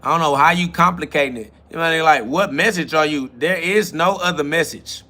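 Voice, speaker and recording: A man's voice: fairly high pitch, fairly quick, bright, forceful tone. A man hosting a live-stream podcast, reading out chat comments and answering them in a confrontational, profane, mocking way. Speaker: livestream podcast host.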